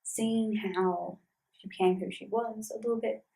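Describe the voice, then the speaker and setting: A woman's voice: medium pitch, steady tone, measured pace, dark tone, slight background noise, rough recording. A woman chatting casually in a vlog about a tabletop campaign she plays in, rambling with lots of fillers.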